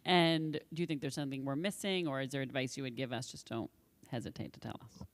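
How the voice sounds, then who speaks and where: Low-voiced woman asking board questions. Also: fairly even intonation, fast. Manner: casual, probing questions. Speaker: school board member. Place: public meeting room.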